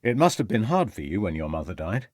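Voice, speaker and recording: Man doing a calm, reserved police inspector. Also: low voice, no room sound, studio quality. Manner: measured, polite, brief.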